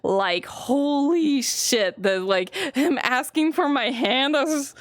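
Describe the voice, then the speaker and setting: A woman's voice: high voice, takes it slowly, no room sound. A young woman streamer in casual live-stream chat, rambling, giggling often and swearing freely.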